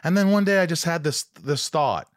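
A man's voice: on the high side, expressive, brisk, dry recording, clean studio sound. A man hosting a casual conversation, supportive and telling a personal story in a loose, chatty way.

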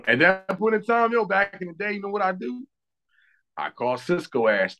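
A man's voice: high-pitched, sing-song, moderate pace, pushed and bright. A tired man on a podcast, talking in a casual, profane, joking way and laughing often. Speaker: podcast co-host. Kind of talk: casual chat.

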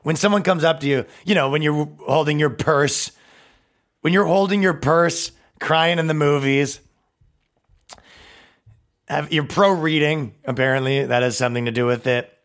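A man's voice: fairly high pitch, moderate pace, pauses often, a bit bright. A man hosting a comedy podcast, ranting in a profane, mocking way and slipping into silly put-on voices. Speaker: podcast host.

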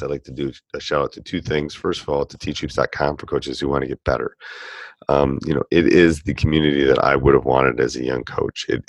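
A man's voice: extremely low pitch, no echo. A man doing a sponsor read for a coaching podcast, speaking earnestly and with emphasis.

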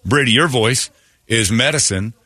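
A man's voice: mid-range voice, normal speed, sharp tone, no room sound. A man hosting a morning radio show, joking and rambling with his co-hosts and laughing often. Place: radio studio.

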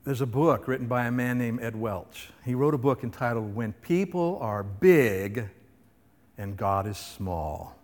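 A man's voice: medium pitch, expressive, a little slow, darkish tone. A man pastor delivering a sermon, emphatic and full of rhetorical questions to the congregation. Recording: reverberant hall.

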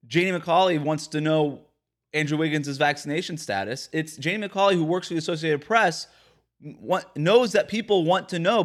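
A man hosting a sports podcast, delivering an emphatic, ranting opinion monologue. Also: fairly high pitch. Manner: emphatic, ranting, mocks quotes with put-on voices. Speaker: podcast host.

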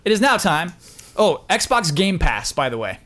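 A man's voice: sits high, sing-song, normal speed, fairly bright tone. Curious teasing man co-host. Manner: inquisitive, teasing. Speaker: podcast co-host. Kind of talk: casual chat.

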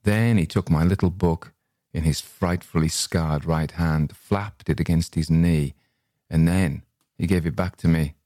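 A man reads a story aloud in a measured, unhurried way. His voice sits very low and steady. The recording is dry and close, with no room sound. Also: dry recording. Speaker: story reader. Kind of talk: scripted story narration.

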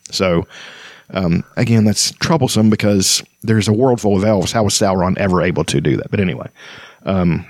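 A man's voice: on the low side, a little mellow, dry recording. A man hosting a casual book chat, rambling with restarts and reading passages aloud. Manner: rambling, many fillers and restarts, reads quotes aloud. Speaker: book discussion host. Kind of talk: casual chat about fantasy books.

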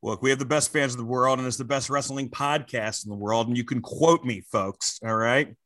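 A man's voice: medium pitch, fairly quick, dry recording. A man co-hosting a comedy wrestling podcast, talking casually and crudely with lots of swearing. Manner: crude, animated, swearing freely. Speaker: podcast co-host.

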